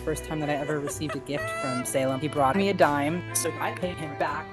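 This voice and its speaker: A woman's voice: deep voice, steady tone, fairly quick, over loud music. A woman in a played documentary clip reflecting in a heartfelt way on her friendship with a wild crow.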